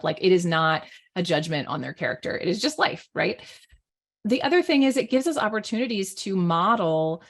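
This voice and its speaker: A woman with a lowish, gravelly voice explains parenting ideas in a loose, conversational way. She is middle-aged and fills her sentences with casual fillers. Her tone has a husky edge throughout. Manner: conversational, many fillers like "like" and "you know". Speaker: author and guest expert on parenting. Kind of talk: casual online panel talk.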